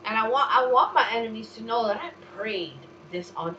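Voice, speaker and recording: A woman hosting a solo talk show, ranting profanely in a heated manner that jumps from low muttering to outright shouting. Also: brisk, hardly any pauses, poor audio.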